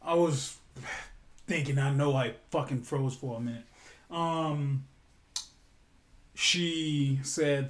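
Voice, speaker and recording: A man's voice: medium pitch, slow, long pauses. A man telling an improvised story in a casual, rambling way, correcting himself and swearing now and then.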